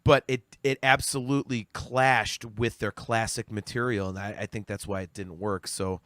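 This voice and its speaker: A man's voice: on the low side, steady tone, normal speed, a bit bright, no room sound. A man in his forties, a podcast guest in casual discussion, ranting heatedly and profanely with many stammered restarts. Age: 40s.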